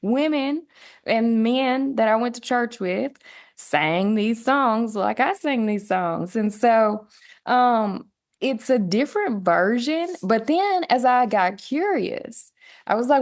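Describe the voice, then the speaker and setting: A woman from West Tennessee with a Southern twang, a musician telling stories in a relaxed interview chat, often quoting others in animated voices. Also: a little high, takes it slowly. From West Tennessee, USA. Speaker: guest musician.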